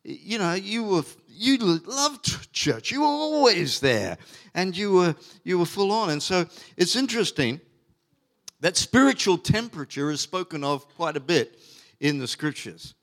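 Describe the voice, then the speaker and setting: Very animated at a measured pace, a middle-aged pastor delivers a sermon from the pulpit in a somewhat bright voice that sits a little high for a man. Key words get heavy stress and are stretched out, while fillers and restarts crop up often.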